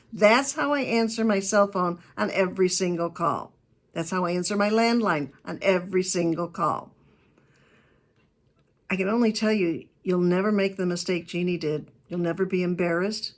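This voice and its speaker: A woman's voice: fairly low pitch, moderate pace. Chatty, emphatic woman keynote speaker. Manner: chatty, emphatic storyteller with asides. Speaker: keynote speaker on customer service. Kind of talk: lively talk to a business audience.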